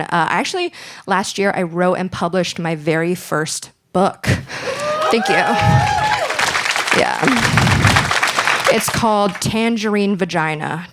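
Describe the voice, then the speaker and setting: A young woman performing a stand-up comedy set, telling a story playfully and breaking into sudden high squeals for effect. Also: heavy background noise.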